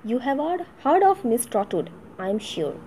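A woman reading aloud the lines of a stern, commanding older aunt, brisk and bossy, in a lower, quieter voice than her own. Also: very animated, a little hiss or hum.

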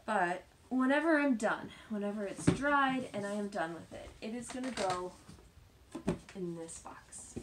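A woman hosting a knitting podcast, chatting casually as she shows her projects, self-deprecating and often dropping into soft asides. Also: medium pitch, animated, measured pace, slight background noise. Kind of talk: casual show-and-tell chat.

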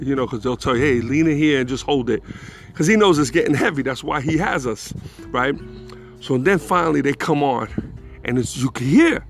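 A man telling a rambling, profane personal anecdote in a casual, animated way. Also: medium pitch. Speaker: storyteller.

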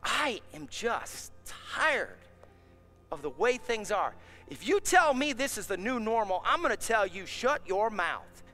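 High, lively-voiced preaching pastor. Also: male voice, a little slow, faint music behind. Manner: impassioned preaching, swelling to shouts. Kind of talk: sermon.

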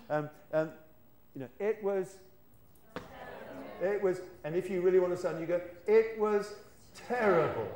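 With a fairly high-pitched, darkish-toned voice, a British man leads a teacher-training workshop in a lecture hall. It's a live classroom demonstration where he playfully coaxes the audience into repeating lines after him.

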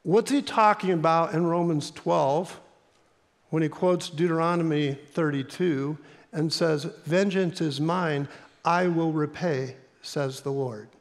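A man's voice: fairly high pitch, takes it slowly. A man preaching a sermon as pastor, telling stories earnestly and repeating key lines for emphasis. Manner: earnest storytelling with emphatic repetition. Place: church sanctuary. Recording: long church reverb.

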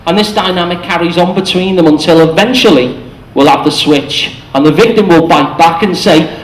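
A man's voice: sits high, moderate pace, a little hiss or hum. A man giving a short, chatty talk to an audience in a cafe, explaining ideas and acting out quoted lines. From England. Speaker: speaker. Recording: echoey room.

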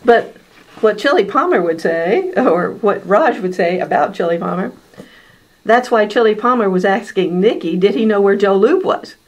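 A woman's voice: mid-range voice, moderate pace. A woman co-hosting a writing podcast, talking animatedly and jumping in often. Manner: animated, interjecting. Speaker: podcast co-host. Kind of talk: casual panel discussion.

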